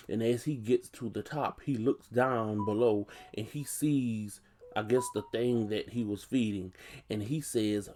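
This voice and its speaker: Casual male film recapper, lowish mellow voice, rambling and conversational. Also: fairly even intonation, a little slow. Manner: chatty, loose and conversational, full of "you know" asides. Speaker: movie reviewer. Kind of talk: casual movie plot recap.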